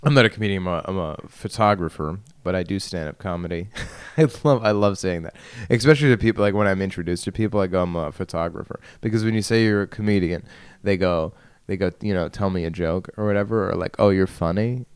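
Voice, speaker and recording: Young male podcast host, deep and smooth voice, rambling and self-mocking, laughs a lot, dry close mic. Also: quick pace, dry recording. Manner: self-deprecating, laughs often, trails off and restarts. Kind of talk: rambling solo podcast monologue. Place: bedroom. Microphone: studio microphone at a computer.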